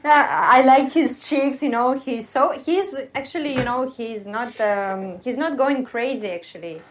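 High pitched woman calling in, gushy new mom, fumbles words. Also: unhurried, slight background noise. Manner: gushing, laughing, searching for words. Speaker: caller, new mother. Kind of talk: casual chat.

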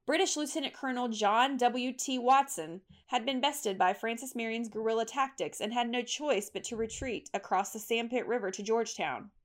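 A woman reading a history story as scripted narration, measured and steady. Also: a little high.

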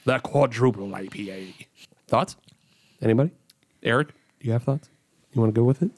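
A man's voice: mid-range voice, a little fast, darkish tone. A man co-hosting a casual beer podcast, joking and laughing often with friends at the table. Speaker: podcast co-host. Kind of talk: casual chat over beers.

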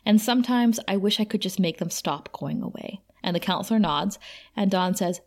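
Animated woman recapping an episode. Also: mid-range voice, moderate pace. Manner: animated, retells scenes quoting characters. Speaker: podcast co-host. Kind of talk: casual recap chat.

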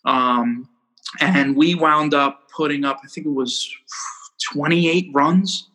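Young male ballplayer guest, slightly high, bright, rambling storyteller. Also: low-quality recording. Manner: rambling, animated, quick to laugh at himself. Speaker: baseball pitcher guest. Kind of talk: casual storytelling interview.

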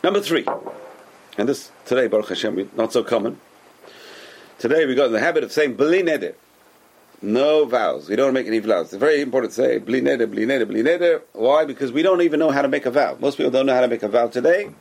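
A man teaching a Torah class as a rabbi, animated and repetitive, who keeps asking rhetorical questions and answering them himself. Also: medium pitch, fast, creaky.

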